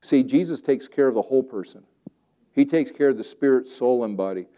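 A male pastor preaching a sermon, swinging between loud emphatic declarations and quiet, conversational asides. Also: mid-range voice, a little fast.

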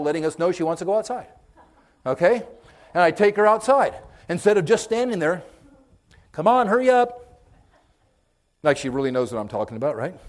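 Animated folksy male preacher. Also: on the high side. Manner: animated, swings from loud to hushed and whispered; folksy, direct, addresses listeners with okay and amen. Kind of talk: conversational sermon.

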